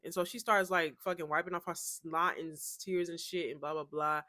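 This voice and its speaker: Bright, profane woman recapping a show. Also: lowish voice, fairly even intonation, a little fast, hardly any pauses, dry recording, clean studio sound. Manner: profane, chatty, acts out quotes. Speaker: reaction channel host. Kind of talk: casual reaction recap.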